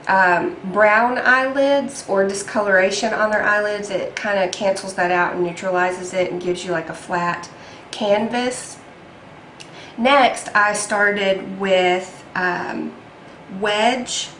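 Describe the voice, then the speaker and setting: Young woman vlogger, unhurried and chatty, talking through an eye makeup tutorial in a roomy space with a faint hum. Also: mid-range voice, a bit bright. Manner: chatty and self-deprecating, with frequent ums. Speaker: beauty vlogger.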